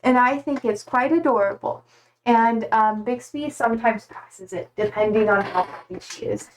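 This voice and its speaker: A woman's voice: on the high side, moderate pace, background noise. A young woman streamer chatting casually and bubbly, gushing over her cats with baby talk. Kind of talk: casual live-stream chat.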